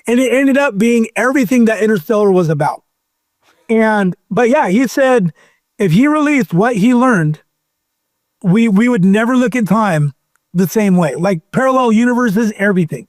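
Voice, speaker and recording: Male guest, high pitch, animated rambling storyteller, dry mic. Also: normal speed, dry recording. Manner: rambling, animated storyteller who acts out quotes. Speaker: podcast guest. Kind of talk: casual storytelling chat.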